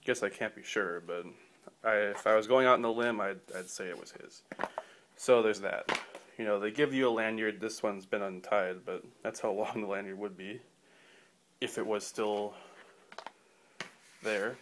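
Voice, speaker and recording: A man's voice: on the low side, steady tone, moderate pace, pauses often, fairly bright tone, a little hiss or hum. A man giving a casual knife review in a rambling way, full of fillers and restarts, with dry offhand humor.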